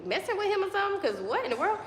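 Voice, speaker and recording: A young woman telling a childhood story in casual, emotional chat, animated and acting out the voices of others. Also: very high-pitched, very fast. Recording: echoey roomy hall with faint noise.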